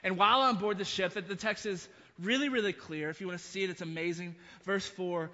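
High bright pastor in a hall. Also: male voice, fast talker, few pauses, highs cut off. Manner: storytelling with frequent restarts and asides. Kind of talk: sermon.

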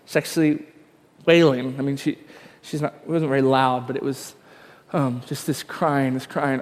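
A man's voice: medium pitch, little pitch movement, moderate pace, hardly any pauses, big-room sound. A man, probably in his thirties, preaching a sermon in a conversational, self-deprecating storytelling way with frequent fillers. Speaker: pastor.

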